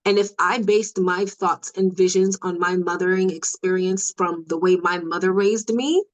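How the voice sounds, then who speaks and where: A woman speaking as a podcast guest, earnest and reflective, growing animated at times in candid conversation. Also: fairly low pitch, normal speed, poor audio.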